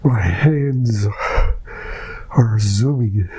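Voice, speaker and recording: A hypnosis client speaking under trance, emotional and tearful, with halting, often whispered phrases. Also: mid-range voice, background noise.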